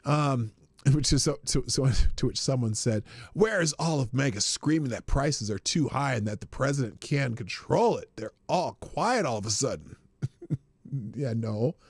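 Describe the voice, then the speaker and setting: Animated, sarcastic male show host. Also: medium pitch, normal speed, breathy edge, dry recording, studio quality. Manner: sarcastic, laughing, animated rants with restarts. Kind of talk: casual political commentary show.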